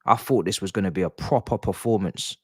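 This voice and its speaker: A man's voice: low voice, a little fast, husky, no room sound. A young man, streaming a football watch-along and reacting with sighs, swearing and exasperated grumbling. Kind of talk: live match reaction.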